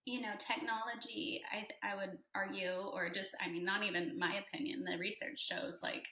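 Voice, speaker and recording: A woman's voice: mid-range voice, fairly even intonation, moderate pace, bright, forceful tone. Passionate woman teacher in a roomy space. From Alaska. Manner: passionate, emotional, fervent with restarts. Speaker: teacher and guest. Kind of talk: conversational podcast interview. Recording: roomy echo.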